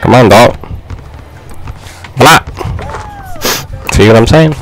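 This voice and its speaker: A young man giving casual gameplay commentary, frustrated and slangy, yelling at his teammates. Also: mid-range voice, lively intonation, slow, long pauses, soft background music, rough recording. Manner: frustrated, exclaiming, slangy trash talk. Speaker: gaming YouTuber.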